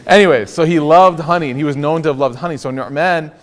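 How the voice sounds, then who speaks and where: A man's voice: a little high, fast talker. A young man giving a casual, joking sermon as an Islamic lecturer, telling stories and acting out the quotes. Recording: long hall reverb.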